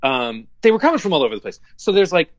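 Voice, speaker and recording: A man's voice: on the high side, fast talker, no echo, dull audio. A man, an actor, telling audition stories in a casual interview, acting out the voices of the people in them. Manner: animated, acts out quoted voices. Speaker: guest actor.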